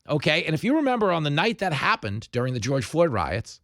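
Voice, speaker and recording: A man's voice: a little high, a little fast, hardly any pauses, no echo. A man hosting an opinion podcast, talking emphatically and telling stories with energy. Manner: emphatic, animated storytelling. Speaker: podcast host. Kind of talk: opinion commentary.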